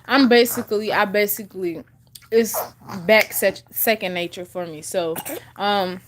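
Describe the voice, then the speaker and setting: A woman's voice: medium pitch, a little slow, noisy background. A woman in her twenties chatting casually to her viewers, full of fillers and restarts, chewing gum as she talks. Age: 20s. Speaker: vlogger. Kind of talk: casual chat to camera.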